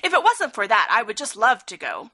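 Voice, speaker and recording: A woman's voice: a little high, wildly swooping pitch, a little fast, bright, forceful tone, exaggerated voice. A woman voicing an evasive leopard in a storybook reading, wary and full of excuses.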